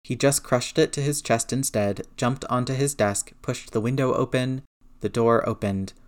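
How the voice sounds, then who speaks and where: A woman narrating a story aloud in a steady, measured way. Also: rumbling low. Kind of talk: audiobook narration.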